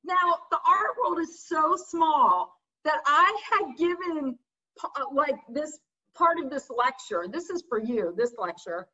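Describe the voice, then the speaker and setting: Through muffled video call audio, a middle-aged visiting artist lecturer talks candidly and casually about art, laughing at her stories. She has a high, pushed, bright voice with lively intonation and a measured pace.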